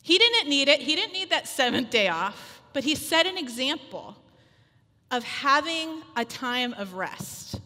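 A woman in her thirties giving a chatty, animated sermon full of personal stories, acting out little quotes. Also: sits high, a little slow. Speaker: speaker at a women's church gathering. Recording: long hall reverb.

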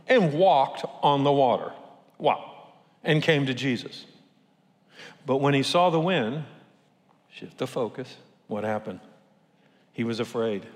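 Man preaching in a reverberant hall. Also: medium pitch. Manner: lively storytelling with rhetorical questions. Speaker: pastor. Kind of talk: sermon.

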